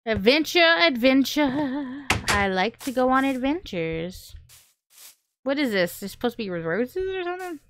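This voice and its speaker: A woman hosting a gaming channel, chatting casually and excitably through gameplay, often squealing and laughing. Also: high voice, fairly quick, hardly any pauses, background noise.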